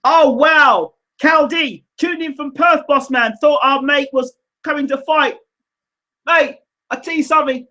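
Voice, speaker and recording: A man hosting a casual live show, reading viewer comments aloud in an animated, teasing, rambling way. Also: extremely high pitch, unhurried. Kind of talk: casual livestream chat.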